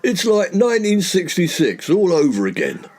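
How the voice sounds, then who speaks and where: A man's voice: high voice, wildly swooping pitch, moderate pace, darkish tone, full character voice. A man voicing a pompous, grumbling, self-important middle-aged Englishman who blusters indignantly.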